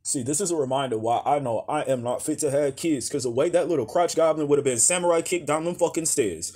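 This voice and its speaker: A man giving a profane comedic rant as a reaction commentator, loud and exasperated. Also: fairly high pitch, animated, fairly quick, hardly any pauses. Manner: loud, exasperated, heavy cursing.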